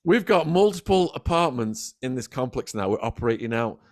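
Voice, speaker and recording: A man with an English accent telling a gritty crime story in an animated way, acting out the voices of the people in it and swearing freely. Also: mid-range voice, fairly quick. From England. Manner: lively, acts out quoted voices, swears freely. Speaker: guest storyteller.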